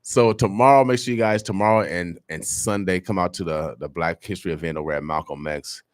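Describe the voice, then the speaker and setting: A man hosting a morning radio show, making animated, hyped announcements and chatting casually about community events. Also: sits low, brisk, no echo, studio quality.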